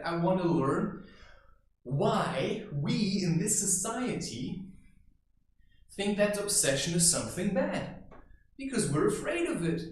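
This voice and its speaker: A man talks through life advice in an unscripted monologue, his voice a little high and swinging widely in pitch. He now and then acts out other people's voices. The sound bounces around a strongly echoing room. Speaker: vlogger giving life advice. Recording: very echoey room.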